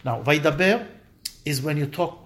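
Animated high-voiced male teacher. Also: brisk, a little hiss or hum. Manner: animated, acts out quoted dialogue with rising emphasis; conversational, answers students' interjections. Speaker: Torah teacher. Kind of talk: teaching a weekly scripture class.

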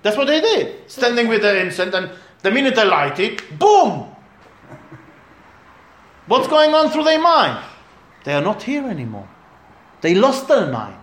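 A man's voice: high-pitched, huge pitch swings, moderate pace, a bit bright, echoey room. A man, a rabbi giving a Torah class to a small group, talking emphatically and asking rhetorical questions.

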